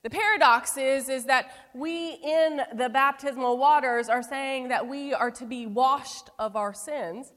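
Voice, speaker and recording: A woman preacher with a fairly high voice gives a sermon as a story. She moves from forceful, ringing phrases to quiet, slowed-down endings. Her voice carries a long reverb, like a large church space. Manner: storytelling with wide swings between emphatic and hushed delivery. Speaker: pastor.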